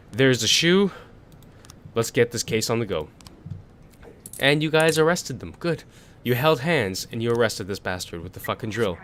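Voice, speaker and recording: Casual young guy gaming commentary, swears a lot, trips over words reading, average pitch, condenser mic at home. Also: fairly bright tone. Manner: swears, reads aloud and stumbles. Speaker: gaming youtuber. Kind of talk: let's play commentary. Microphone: desk condenser microphone.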